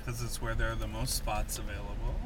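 A man's voice: on the low side, flat delivery, fairly quick. A man chatting casually and teasing his friend while driving through a parking garage, with playful, theatrical outbursts. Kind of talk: casual chat. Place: inside a car in a parking garage. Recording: noisy car interior.

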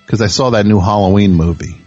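A man's voice: lowish voice, quick pace, darkish tone, no room sound, dull audio, soft background music. A male radio show host rambling through a self-mocking comic monologue with many restarts.

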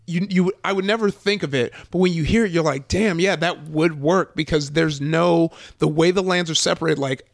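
A man's voice: fairly high pitch, vocal fry, no echo. A man who once worked at a theme park, chatting casually on a podcast, rambling with many restarts. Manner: rambling, restarts and fillers, quick laughs. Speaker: former theme park ride worker, guest.

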